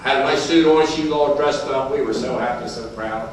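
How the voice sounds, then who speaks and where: A man's voice: medium pitch, fairly quick, a little hiss or hum. Older man, folksy storyteller in echoey hall. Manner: folksy, repeats phrases, chuckles through stories. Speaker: recovery meeting speaker. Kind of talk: storytelling speaker's talk at a meeting. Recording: very echoey hall, heard from far off.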